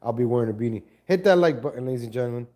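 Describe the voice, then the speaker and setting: A man's voice: mid-range voice, animated, rapid-fire, mellow. Rambling man chatting live from home. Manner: rambling, self-correcting, chats to viewers and cat. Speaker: live-stream host. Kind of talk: casual live-stream chat.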